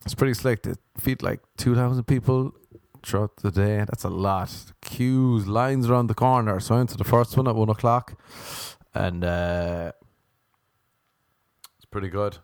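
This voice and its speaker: A man doing rambling, jokey stand-up storytelling, sometimes jumping into high mock voices. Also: a little slow, a little mellow, no echo, clean studio sound. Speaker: stand-up comedian.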